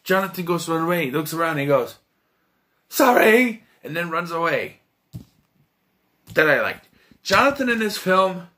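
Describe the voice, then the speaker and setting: Bright-voiced man giving a blunt review. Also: fairly high pitch. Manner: blunt and profane, with frequent restarts. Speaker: film reviewer. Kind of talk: casual spoken film review.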